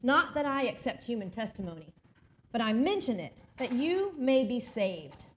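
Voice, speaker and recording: A woman with a high voice delivers a sermon and reads scripture aloud. She preaches expressively, slowing to a crawl on the words she wants to land. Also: big pitch swings, a little hiss or hum.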